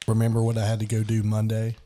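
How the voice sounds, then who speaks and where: A man's voice: on the low side, completely flat delivery, quick pace, dark tone. A man co-hosting a podcast in casual chat, dropping dry wisecracking asides. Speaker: podcast co-host.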